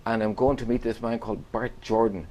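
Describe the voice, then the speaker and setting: A man's voice: on the low side, fairly even intonation, brisk, over a noisy crowd. A man, a radio guest, telling a rambling anecdote full of quoted voices. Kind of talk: storytelling in a radio chat.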